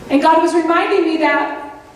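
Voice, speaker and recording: A woman preacher, giving a sermon in a folksy, animated storytelling way with playful asides to the congregation. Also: very high voice, normal speed. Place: church sanctuary. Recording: echoey hall, voice from a distance with background noise.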